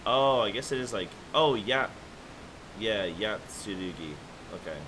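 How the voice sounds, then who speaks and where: Chatty low-voiced male streamer. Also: expressive, unhurried, background noise. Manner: chatty, musing aloud with restarts. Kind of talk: casual game-stream commentary.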